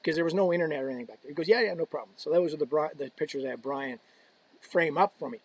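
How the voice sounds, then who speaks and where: A man's voice: fairly high pitch, racing, slightly rough, dry recording. A man, a podcast guest, telling a long story in casual conversation, acting out the quotes of people in it and laughing along. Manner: animated anecdote telling, acts out quotes, laughs, swears. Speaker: podcast guest, equipment ambassador.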